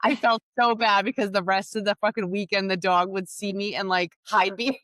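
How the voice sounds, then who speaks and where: A woman's voice: medium pitch, flat delivery, fairly quick, a bit bright, dry recording. A woman co-hosting a podcast, chatting casually, laughing and swearing freely as she tells a story. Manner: laughing, swears freely, short agreeing replies. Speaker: podcast co-host. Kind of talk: casual chat.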